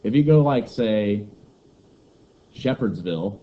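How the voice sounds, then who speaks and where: A teacher from Kentucky, USA, gives a rambling, joking lecture to his class in a fairly low, animated voice at a slow pace. The banter comes through a muffled classroom recording with faint noise.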